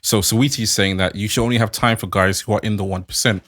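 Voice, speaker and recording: A man's voice: on the low side, steady tone, quick pace, fairly bright tone. A man co-hosting a casual podcast chat, teasing and arguing, repeating words as he pushes a point. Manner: teasing, argumentative, stammers when pushing a point. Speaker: podcast co-host.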